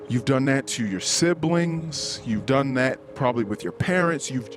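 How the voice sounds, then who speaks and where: A man's voice: medium pitch, animated, a little slow, background noise. A man hosting a podcast, talking candidly and self-critically in a rambling way, swearing often and acting out heated quotes. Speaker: podcast host. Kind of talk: candid solo podcast confession.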